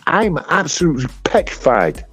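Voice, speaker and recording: A man with a northern English accent hosting a livestream, speaking earnestly in halting, repeated phrases. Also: on the high side, very animated, a bit bright, breathy edge, faint music behind. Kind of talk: casual livestream commentary.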